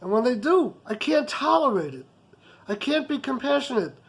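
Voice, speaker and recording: A man's voice: very high voice, very animated, moderate pace, vocal fry, husky, full character voice, rough recording. A man voicing a rich, hot-tempered business boss who talks in an intense, emphatic way.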